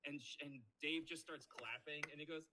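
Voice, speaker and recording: A man in his thirties, a voice actor guest on a podcast, telling stories in a casual, animated way and acting out what people said. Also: on the high side, moderate pace, very noisy. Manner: animated storyteller, acts out quoted voices. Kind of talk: casual podcast interview storytelling.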